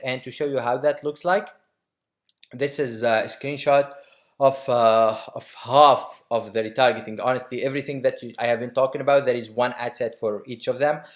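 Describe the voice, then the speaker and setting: Male tutor, mid-range voice, relaxed off-the-cuff explainer, frequent fillers. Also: medium pitch. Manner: quick, loose explaining with many fillers and restarts. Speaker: online marketing instructor. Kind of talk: casual screen-share tutorial.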